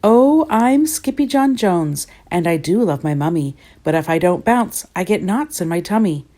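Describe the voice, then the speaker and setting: A woman voicing a playful, boastful young boy kitten who talks in an excited sing-song voice. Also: fairly low pitch, normal speed. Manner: excited, sing-song, fake Spanish flourishes.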